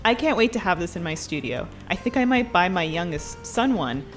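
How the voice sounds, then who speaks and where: A woman's voice: fairly low pitch, brisk, soft background music. A woman on a comedy panel, reading viewer comments aloud in casual chat and giggling easily. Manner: giggly, animated when amused.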